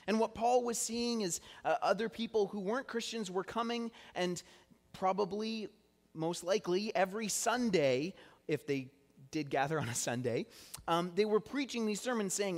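A man's voice: high voice, moderate pace. A man preaching a conversational sermon in a church, earnest and chatty, drawing the congregation in to repeat words with him. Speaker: pastor. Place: church sanctuary. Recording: long church hall reverb.

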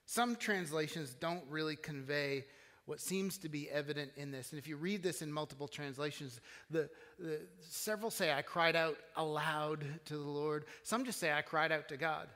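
A man's voice: fairly high pitch, normal speed, bright, forceful tone, in a large hall. A man preaching a sermon as pastor, in an earnest, conversational way with frequent restarts, in a church. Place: church sanctuary.

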